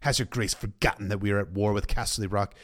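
A man's voice: fairly low pitch, fairly even intonation, fast talker, dry recording, natural voice. A man voicing a defiant older lord who speaks harshly and mockingly.

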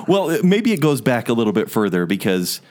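A man's voice: mid-range voice, big pitch swings, brisk, a little mellow. A man co-hosting a podcast in casual chat, teasing and laughing often. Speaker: podcast co-host.

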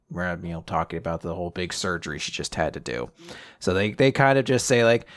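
A man's voice: sits low, big pitch swings, quick pace, no room sound, studio quality. A man co-hosting a casual chat, recapping a story with acted-out quotes and lots of fillers. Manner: rambling, acts out quotes, frequent fillers and swearing. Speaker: podcast co-host.

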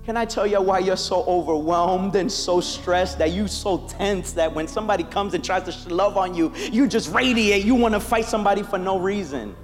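A man preaching a sermon, animated and playful, acting out biblical voices for the congregation. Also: sits high, a little slow, in a large hall, soft background music.

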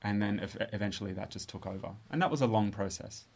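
A man in his thirties with an Australian accent, a composer and musician talking through his work in a relaxed, thoughtful interview, often pausing and restarting. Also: on the low side. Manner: thoughtful, hesitant, with frequent restarts. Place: studio space.

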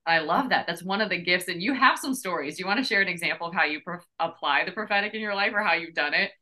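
A woman's voice: lowish voice, quick pace, bright, forceful tone, poor audio. A woman hosting a faith podcast, talking casually and enthusiastically and asking rhetorical questions. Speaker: podcast host.

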